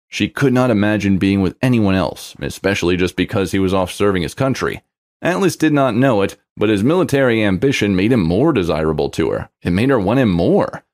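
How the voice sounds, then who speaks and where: Story narrator, man, low-pitched, expressive scripted read with animated pitch.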